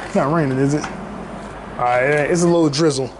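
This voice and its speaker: Hyped high-voiced man ranting on a podcast. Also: steady tone, normal speed, noisy background. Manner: hyped, profane, repetitive street slang. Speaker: podcast host. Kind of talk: casual solo podcast rant.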